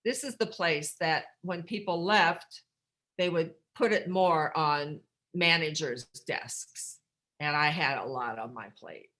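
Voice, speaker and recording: A woman's voice: low voice, takes it slowly, a bit bright. Candid middle-aged woman telling her story. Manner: rambling, candid, darkly humorous, with restarts. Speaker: recovery workshop speaker. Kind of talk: personal storytelling share.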